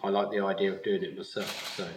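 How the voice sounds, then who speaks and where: Recorded live at a yarn festival for a podcast interview, a wool mill owner explains his work in a low, level voice, talking fast. He's easygoing and laughs frequently, and the roomy festival recording carries faint noise.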